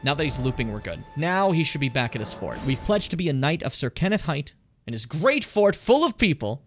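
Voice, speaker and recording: A man streaming a video game, chatting and joking with his viewers and swearing freely. His pitch jumps all over the place, and game music plays quietly behind him. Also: very animated, a little fast. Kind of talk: casual gameplay commentary.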